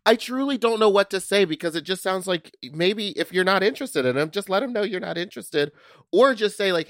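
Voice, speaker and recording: A man's voice: sits high, fairly quick, no echo, studio quality. A man co-hosting a podcast, campy and crude, with playful voices and big laughs. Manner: campy, animated, crude jokes. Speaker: podcast co-host. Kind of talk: casual chat.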